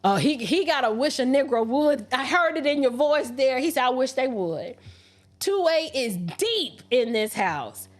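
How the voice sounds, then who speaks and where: A woman hosting a casual livestream, reading viewer messages aloud and answering them with lively, sassy asides. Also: high voice, unhurried. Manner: animated, talks back to viewers, slips into sassy mock voices. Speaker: livestream host. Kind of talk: casual livestream chat reading super chats.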